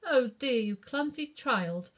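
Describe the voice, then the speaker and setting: Woman as a genteel lady from a painting, put-on French accent, lilting and high. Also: sing-song, measured pace. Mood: shrieking.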